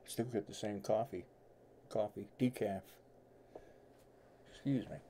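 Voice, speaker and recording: A little hiss or hum sits under a middle-aged man's lowish, warm voice, which keeps fairly even intonation and a measured pace. With an accent mixing New York and the Southern US, he hosts a tarot livestream from home, rambling folksily and chatting casually with viewers.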